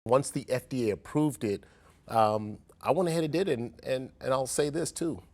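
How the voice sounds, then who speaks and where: A man's voice: mid-range voice, normal speed, a little mellow. A man from South Central Los Angeles in a candid conversation, telling a personal story in an earnest, reflective way and often restarting his sentences. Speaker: former pro athlete in conversation.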